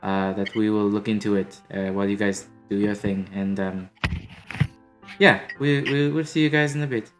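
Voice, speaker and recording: A man voicing a worried, guilt-ridden woman adventurer in a tabletop game, speaking haltingly with many restarts. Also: on the low side, fairly even intonation, soft background music, close to an everyday voice. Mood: worried, guilty.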